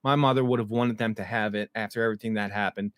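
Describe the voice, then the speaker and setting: A man casually recapping TV episodes, excited and swearing, acting out the characters' lines as he goes. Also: lowish voice, quick pace, no echo. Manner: excited, swearing, acts out quotes. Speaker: show recap host.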